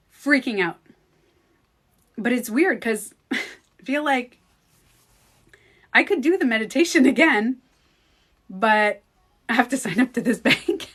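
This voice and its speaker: A woman and beauty coach talking to her viewers in a casual vlog. She is chatty, restarts her sentences, and swings between hushed asides and excited retelling. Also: fairly high pitch.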